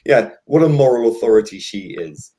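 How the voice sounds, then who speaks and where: A man's voice: mid-range voice, expressive, normal speed, dark tone. A man hosting a casual chat, talking with frequent fillers and restarts and voicing firm opinions. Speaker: podcast host.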